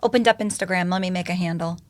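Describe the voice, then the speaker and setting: A woman talking as a podcast guest, telling her story in an animated, expressive way and swearing casually. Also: fairly low pitch, quick pace. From United States.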